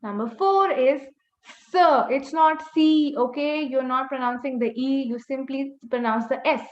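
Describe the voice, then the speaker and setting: A language teacher with a high voice, speaking at normal speed, runs an online class where she patiently drills words and corrects pronunciation over and over. The video-call audio sounds echoey and dull, like a webinar.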